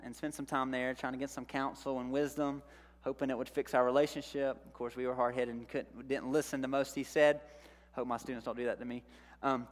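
A middle-aged male youth pastor preaching a sermon, telling a story from his college days in an animated way and acting out his own panic. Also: medium pitch. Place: church sanctuary. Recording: long hall reverb.

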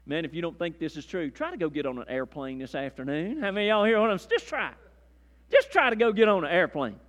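A man preaching a sermon as pastor, folksy, calling listeners "man" and "beloved", swinging from loud fervor to hushed intensity, in a church. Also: a little high, lively intonation, quick pace, long reverb tail, dull audio.

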